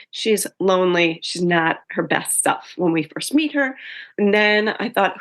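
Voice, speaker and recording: A woman author talks through her writing process in a relaxed, conversational interview. Her voice sits at an ordinary pitch for a woman. She tells it in a chatty, storytelling way and stops often to fix her own words. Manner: chatty storytelling with frequent self-corrections.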